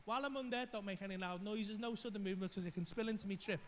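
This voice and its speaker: A man doing stand-up storytelling, his voice pitched very high for a man. He tells the story in an animated, profane way and acts out the voices and the screams. Faint noise hums under the recording. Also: racing. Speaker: stand-up comedian.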